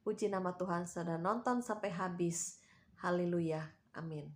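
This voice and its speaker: A woman's voice: on the low side, fairly quick. A woman preaching to her channel's viewers. She exhorts them in a coaxing, repetitive way and tags her phrases with little prompts. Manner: warm exhorting, tags sentences with "ya". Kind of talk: devotional exhortation.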